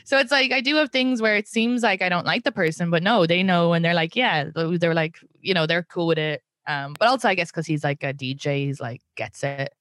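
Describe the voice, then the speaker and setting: A woman's voice: on the low side, brisk, few pauses, dry recording, studio quality. A woman comedian chatting as a podcast guest, telling stories animatedly and acting out other people's lines with casual swearing. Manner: animated, acts out quotes with swearing. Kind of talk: casual podcast chat, storytelling.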